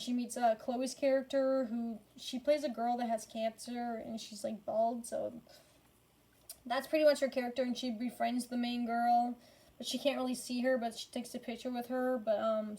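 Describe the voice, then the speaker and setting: A woman's voice: fairly high pitch, mellow. A tired woman casually ranking movies in a rambling, profane way, full of fillers and frequent swearing. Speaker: movie reviewer.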